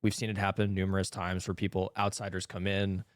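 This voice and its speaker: A young man co-hosting in deadpan, sarcastic casual talk. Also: sits low, brisk, dry recording, clean studio sound. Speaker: co-host. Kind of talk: casual commentary.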